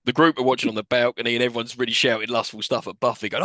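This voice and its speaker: A man talks through a film on a podcast, chatty and laughing between lines. His voice sits at an ordinary pitch, and the sound is close and dry with no room around it. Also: steady tone, quick pace, a bit bright, no room sound. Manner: recaps scenes, laughing often, swears casually. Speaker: podcast co-host. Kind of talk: casual film recap chat.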